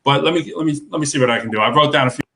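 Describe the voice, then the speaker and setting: Man, freestyle rapper, playful, slightly high, bright. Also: rapid-fire, gravelly. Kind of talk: casual freestyle rapping.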